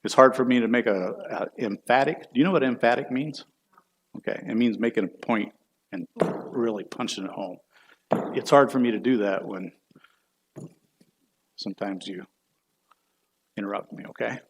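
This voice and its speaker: A man's voice: mid-range voice, moderate pace, pauses often, a little hiss or hum. A middle-aged man, a church elder, teaching a Bible class in a folksy, chatty way and putting questions to the class.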